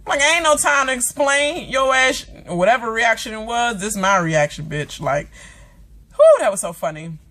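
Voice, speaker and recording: A woman's voice: fairly high pitch, lively intonation, moderate pace, a bit bright. A woman vlogger giving a casual, dramatic reaction rant about a TV episode, swearing freely and acting out the characters. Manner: chatty with many fillers and asides.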